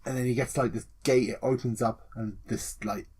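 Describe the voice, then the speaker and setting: Excitable, husky-voiced young man gushing about games. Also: mid-range voice, moderate pace. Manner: excitable, swears a lot, acts out scenes with yelps and laughs. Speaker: podcast co-host. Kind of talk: casual gaming podcast chat.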